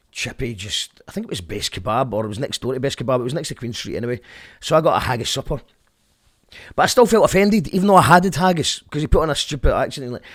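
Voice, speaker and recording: A man's voice: mid-range voice, dry recording, clean studio sound. A man with a Glaswegian Scottish accent in a casual, rambling rant that drifts off on tangents and keeps restarting his sentences. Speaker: vlogger.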